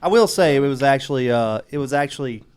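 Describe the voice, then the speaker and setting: A man's voice: mid-range voice, lively intonation, darkish tone, smooth. A man co-hosting a casual podcast, chatting in an upbeat, easygoing way. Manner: upbeat, quick storytelling. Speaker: podcast host. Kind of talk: casual chat.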